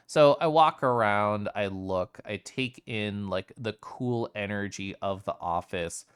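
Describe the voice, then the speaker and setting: A man's voice: on the low side, slow, few pauses, clean tone, no echo, clean studio sound. A young man streaming at home, casually telling his chat a rambling story full of fillers. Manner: chatty, rambling, frequent fillers.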